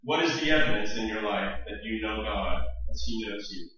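A man preaching a sermon, earnest and animated, retelling a story with frequent restarts. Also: on the low side, moderate pace. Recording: echoey room, distant, dull mic.

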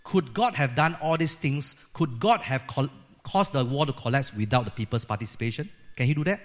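A middle-aged man preaching a sermon as a pastor, lively and acting out the voices he quotes. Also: medium pitch, fairly quick. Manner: lively, acts out quoted voices of God and people.

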